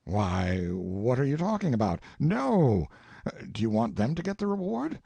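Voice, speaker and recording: A grandiose old colonel full of schemes and florid pleading, his husky voice swooping up and down, as a narrator puts him on. He speaks in a close, dry sound. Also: mid-range voice, big pitch swings, moderate pace, mellow, no room sound, pitched above the performer's own voice, exaggerated voice. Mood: plotting. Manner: flowery, pleading, theatrical.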